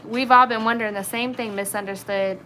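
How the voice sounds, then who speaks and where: A Southern-accented woman from Virginia's Blue Ridge region hosts a casual livestream, reading viewer comments aloud and chatting with plenty of fillers. Her voice is a little high, steady, fairly quick, bright and forceful. The low-quality recording carries slight background noise.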